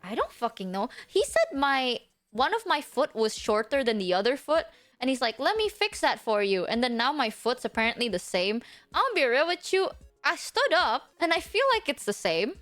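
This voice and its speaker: A young woman streamer tells her audience a dramatic story, swearing freely in English that isn't her first language. Her high voice bounces and swoops up and down at a moderate pace, and she sounds animated. Faint music plays underneath.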